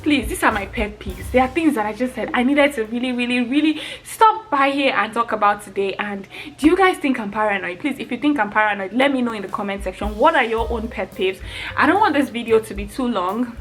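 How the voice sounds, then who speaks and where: A young woman rants to her viewers in a casual vlog, exasperated and animated, often laughing as she talks. Her voice sits a little high. Faint music plays underneath. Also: brisk. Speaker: vlogger.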